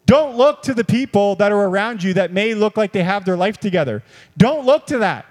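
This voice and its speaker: High-voiced excitable male pastor in a hall. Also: brisk. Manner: animated, repetitive, swings between soft and excited. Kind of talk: sermon. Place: church hall. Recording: long reverb of a church hall.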